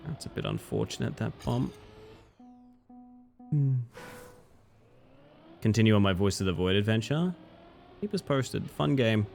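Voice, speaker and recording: A tired man streams a racing game late at night, chatting easily with his viewers between runs. His voice sits a little low, yet his pitch swings widely as he talks, and faint game music plays underneath. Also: unhurried, gravelly, long pauses. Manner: relaxed, chatty, reads chat aloud and answers it. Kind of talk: casual live-stream gaming commentary.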